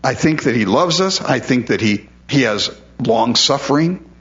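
A man's voice: mid-range voice, animated, moderate pace, a bit bright, muffled recording. A male pastor preaching a sermon in a conversational way, often repeating words as he stresses a point.

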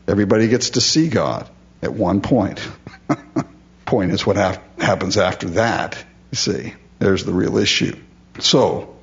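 A man's voice: lively intonation, measured pace. Emphatic male preacher, dull recording. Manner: emphatic, rises in pitch on key words; addresses listeners directly as "folks". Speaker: pastor. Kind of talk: sermon.

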